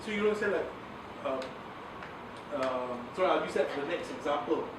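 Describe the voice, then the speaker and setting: A man giving a lively communications workshop to an audience, laughing often and acting out examples. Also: on the high side, normal speed, noisy background. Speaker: communications trainer. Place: large room with audience. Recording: very echoey room, voice from far off.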